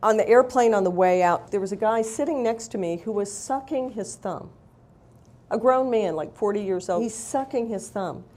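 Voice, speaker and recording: A woman's voice: medium pitch, moderate pace, darkish tone. A woman author telling candid, wry stories in a live interview, blunt and self-mocking.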